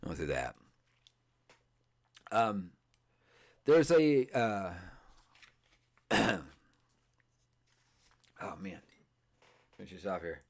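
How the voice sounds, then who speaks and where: A man hosting a tabletop game podcast, chatting casually and reading game rules aloud, halting often, restarting phrases and filling pauses. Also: lowish voice, big pitch swings. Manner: halting, many fillers and restarts, stumbles over words. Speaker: podcast host. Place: streamed podcast setup.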